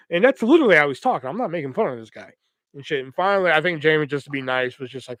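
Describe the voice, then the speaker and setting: A young man telling a long, profane, rambling story on his podcast, acting out the people in it with quick voices. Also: fairly high pitch, expressive, fairly bright tone, no echo. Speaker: podcast host. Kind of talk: casual storytelling.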